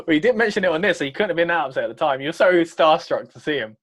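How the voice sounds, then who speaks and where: A man's voice: fairly high pitch, fairly bright tone. A man co-hosting a casual wrestling reaction chat, rambling and trailing off mid-sentence. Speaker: co-host.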